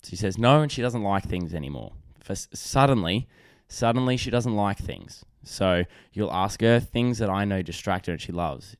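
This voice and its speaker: A young adult man hosts a relaxed solo podcast, his voice sitting low in pitch. He rambles through stories with plenty of "um"s, "you know"s and restarts. The sound is dry and close, with no room echo. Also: normal speed, clean tone. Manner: rambling, chatty, lots of fillers and restarts. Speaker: podcast host. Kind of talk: casual solo podcast storytelling.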